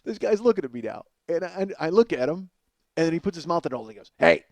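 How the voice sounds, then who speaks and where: A male comedian hosts a solo storytelling monologue with a fairly high, very lively voice. His delivery is loose and profane, and laughter keeps breaking into his sentences. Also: rapid-fire, no room sound. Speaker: comedian host.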